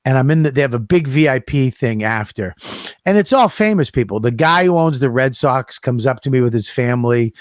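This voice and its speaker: A man telling a road story in casual chat, profane and animated, acting out the people he quotes. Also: mid-range voice, a little fast, no echo, studio quality. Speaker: comedian guest.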